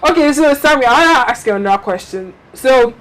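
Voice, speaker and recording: A woman's voice: high-pitched, lively intonation, fast, a bit bright. A young woman hosting a casual chat show, telling stories animatedly and acting out the messages she gets. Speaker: host.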